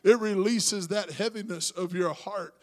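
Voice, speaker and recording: High-voiced preaching pastor. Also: male voice, a little slow. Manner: rising to shouted preaching; talks to congregation with asides. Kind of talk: sermon.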